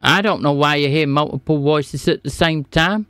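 A man's voice: on the high side, normal speed, fairly bright tone, dry recording, studio quality. A man streaming a scam-bait phone call, feigning confusion and playing dumb with the caller. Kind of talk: prank call.

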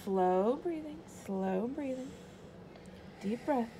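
A parent vlogger at a hospital clinic talks her child through a procedure, her slightly high voice slow, mellow, and expressive over faint background noise. She soothes and coaches the child's breathing, repeating herself gently between bits of vlog chat.

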